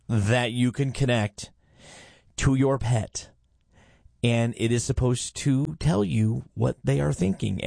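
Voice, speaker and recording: A man's voice: mid-range voice, creaky, a little mellow, dry recording, studio quality. A man hosting a morning radio show in casual, playful chat, rambling and poking fun at himself. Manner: playful, rambling, self-mocking.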